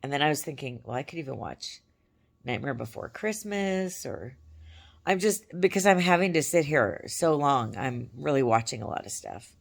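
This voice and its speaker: A woman vlogging to her camera from her couch at home, chatting in a rambling way, her voice crackly and hoarse. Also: a bass voice, expressive, normal speed. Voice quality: gravelly. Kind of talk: casual chat to camera.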